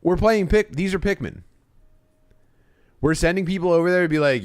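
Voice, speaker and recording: A man's voice: high-pitched, normal speed, long pauses, a little mellow. A young man chatting casually on a livestream, rambling and swearing, reading chat and laughing often. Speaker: streamer.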